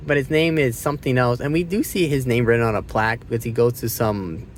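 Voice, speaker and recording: A man's voice: mid-range voice, fast talker, a little hiss or hum. Rambling, cussing man reviewing a movie. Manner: rambling, profane, loses his train of thought; gets loud and excited retelling scenes. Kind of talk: casual spoken movie review.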